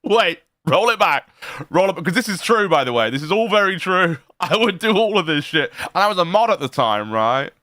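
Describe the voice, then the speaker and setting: Bright, laughing streamer man. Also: high-pitched, very animated, brisk, no room sound, studio quality. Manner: laughing often, profane, rambling. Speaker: streamer reacting to a clip. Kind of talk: casual stream chat.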